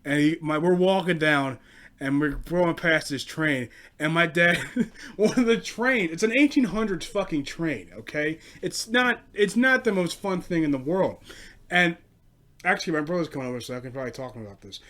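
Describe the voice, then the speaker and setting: A twenty-year-old man telling a story in a casual rant, swearing constantly and sounding exasperated. His voice sits somewhat high for a man. He swings from grumbling low to loud outbursts. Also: animated, moderate pace. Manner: profane, exasperated. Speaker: host.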